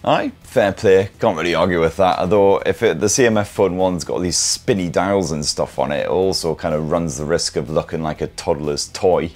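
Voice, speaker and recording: Sweary tech host, middle-aged, low voice, rambling self-mocking banter. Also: male voice, normal speed, few pauses, darkish tone. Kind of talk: casual chat reading viewer comments.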